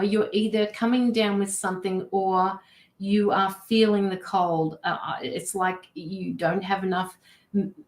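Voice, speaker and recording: A woman giving a live-streamed tarot reading over a video call, relaying messages with many pauses and fillers. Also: medium pitch, darkish tone, low-quality recording. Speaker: tarot card reader.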